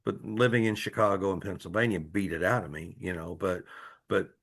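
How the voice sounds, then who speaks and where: A man's voice: deep voice, steady tone, fairly quick, creaky, a bit bright, husky. A man from Tennessee hosting a group discussion, encouraging and friendly with the participants. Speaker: host.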